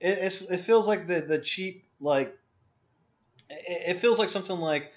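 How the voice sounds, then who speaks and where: A man's voice: sits high, a little slow. Blunt ranting young man on a call. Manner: blunt, profane, emphatic ranting. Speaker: discussion co-host. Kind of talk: casual Skype chat. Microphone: video call. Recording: dull lo-fi voice call audio.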